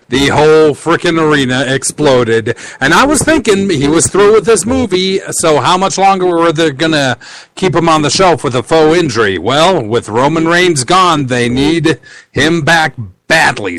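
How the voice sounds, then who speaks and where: A man with a fairly high voice trading sarcastic jabs on a chat podcast. His voice is recorded close and dry, with no room sound around it. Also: expressive, a little slow, fairly bright tone, dry recording, poor audio. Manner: sarcastic quips. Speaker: podcast co-host.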